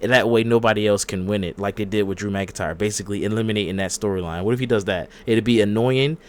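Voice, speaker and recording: A man's voice: on the low side, fast talker, a little hiss or hum. A man hosting a casual wrestling podcast, laid-back and opinionated, joking as he makes his calls. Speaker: podcast host.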